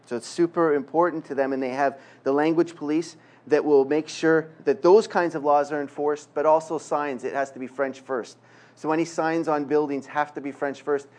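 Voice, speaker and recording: Conversational man with a higher voice. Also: steady tone, moderate pace, a little mellow. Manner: conversational with dry humorous asides. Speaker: ministry worker speaking at a church gathering. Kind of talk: informal talk to a Christian audience.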